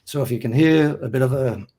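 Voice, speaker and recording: A hoarse man with a mixed North East English accent hosts a casual football podcast. His voice sits mellow and dark, with a rough throat. He chats in a self-mocking way and reads through lists steadily. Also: medium pitch, moderate pace. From North East England. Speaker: podcast host.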